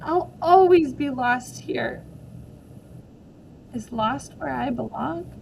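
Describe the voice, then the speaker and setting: A woman's voice: high voice, animated, slow, vocal fry, a little mellow, a little hiss or hum, exaggerated voice. A woman voicing a worried young girl who is new to the country, speaking anxiously. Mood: despairing. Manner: anxious, fretful.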